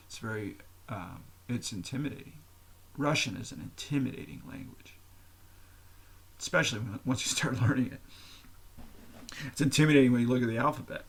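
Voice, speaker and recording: A man's voice: medium pitch, slightly rough. Man rambling casually on a podcast. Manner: candid and profane, explains at length with fillers. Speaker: podcast host. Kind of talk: casual solo monologue.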